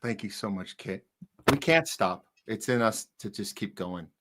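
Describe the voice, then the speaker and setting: A man's voice: lowish voice, animated, unhurried, fairly bright tone, slight background noise. A man hosting a live talk podcast who thanks his guest and gives blunt commentary. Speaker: podcast host.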